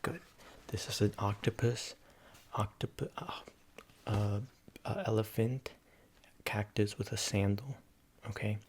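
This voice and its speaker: A man in a whispered role-play, rambling softly with lots of fillers and coaxing the listener to repeat silly names after him. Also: lowish voice, steady tone, unhurried, pauses often, slightly rough. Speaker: ASMR creator.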